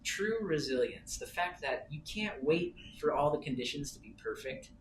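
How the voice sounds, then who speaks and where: A man in his thirties giving a talk at a sales meeting, telling a travel story in an animated, self-amused way. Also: a little high, moderate pace. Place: meeting room. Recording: roomy, distant, noisy meeting room.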